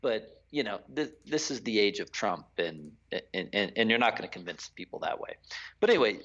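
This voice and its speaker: A man's voice: fairly low pitch, very animated, a little fast, a bit bright, lo-fi sound. A man co-hosting a casual sports chat, ranting animatedly with lots of fillers. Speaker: podcast co-host.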